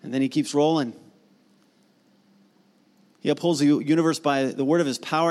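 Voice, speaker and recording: A middle-aged man preaching a sermon as pastor, conversational and animated, building to emphatic repeated lines. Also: a little high, normal speed, long pauses. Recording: long hall reverb.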